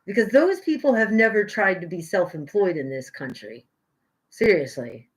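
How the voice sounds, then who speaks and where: American woman, young adult, casual stream chat, self-mocking, jumps from loud bursts to muttering, lively pitch. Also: moderate pace, low-quality recording. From United States. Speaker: live streamer painting. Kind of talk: casual chat to live chat viewers.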